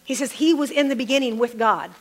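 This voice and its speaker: A woman's voice: fairly high pitch, quick pace. A middle-aged woman preaching a sermon, calling out to the congregation and repeating phrases for emphasis.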